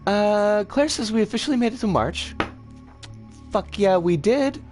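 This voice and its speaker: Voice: medium pitch, sing-song, normal speed, darkish tone, faint music behind. A streamer talking through a live game session, reading chat aloud, with frequent stammered restarts and mild swearing. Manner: chatty, self-correcting, reads chat aloud.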